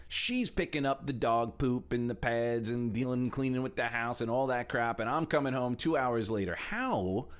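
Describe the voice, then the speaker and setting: A middle-aged man giving a motivational talk as a coach, animated and acting out little quotes as he explains. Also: moderate pace, hardly any pauses, clear, resonant tone. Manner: animated, shifts pitch a lot for emphasis, acts out quotes. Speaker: speaker and coach.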